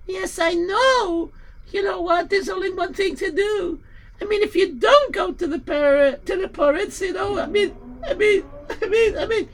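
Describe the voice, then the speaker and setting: A woman's voice: extremely high pitch, unhurried, distant mic, poor audio. A woman voicing the innkeeper's fretful wife. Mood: tearful. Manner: emotional, talks in a rush of worry. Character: innkeeper's anxious wife, emotional and fussing.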